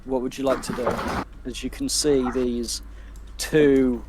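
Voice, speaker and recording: A man in a mid-range voice runs a tabletop game at an unhurried pace. He trails off into fillers as he works through the rules. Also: mid-range voice, flat delivery, background noise. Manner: hesitant, many fillers, fumbles with the software. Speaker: game master.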